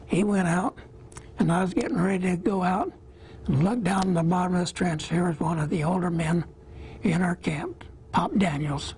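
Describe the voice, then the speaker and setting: A man in his eighties from Iowa, a war veteran telling his memories in an interview, plain-spoken and halting, with small pauses. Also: high voice, steady tone, darkish tone, slight background noise, low-quality recording.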